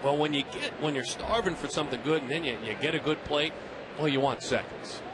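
A man calling a baseball game play by play, talkative and teasing, with playful asides between pitches. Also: brisk, background noise. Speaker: play-by-play announcer. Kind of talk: live baseball commentary.

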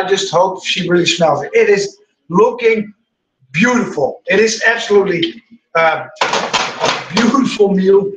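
A man's voice: sits high, background noise. Middle-aged male cooking host, chatty and rambling, recorded far off in an echoey room. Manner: chatty, rambling, addresses viewers as guys. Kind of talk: casual live cooking stream.

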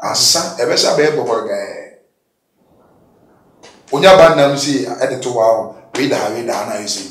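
A man giving a candid testimony in an interview, swinging between loud, emphatic bursts and low mutters. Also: moderate pace. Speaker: guest giving a confession testimony. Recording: echoey room, distant mic.

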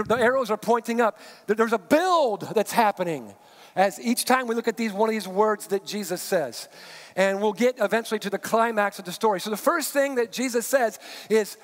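A man with a high voice preaches a sermon in a large sanctuary, with reverb trailing behind each phrase. He reads scripture aloud and then steps out of it with casual asides and quick restarts. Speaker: pastor. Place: church sanctuary. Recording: long reverb of a large hall.

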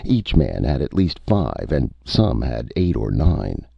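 Very deep, gravelly male narrator. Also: no echo, lo-fi sound. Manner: measured, expressive storytelling. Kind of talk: audiobook narration.

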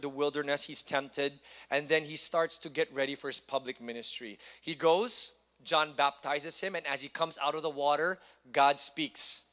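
A man's voice: on the high side, bright, forceful tone. A middle-aged man preaching a sermon, chatting with the congregation and reading scripture. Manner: conversational, interacts with the congregation. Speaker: pastor. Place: church hall.

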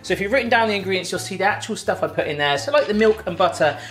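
A man's voice: sits high, animated, rapid-fire, fairly bright tone, soft background music. A British man hosting a home cooking tutorial in his kitchen, chatty and playful with jokey asides. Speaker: cooking show host.

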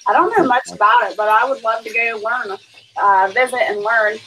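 A woman with a fairly high voice hosts a homestead live stream. She chats loosely and reads viewer comments aloud. Her talk is relaxed and conversational. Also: moderate pace, a little hiss or hum, rough recording. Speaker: homestead channel host. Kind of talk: casual live-stream chat.

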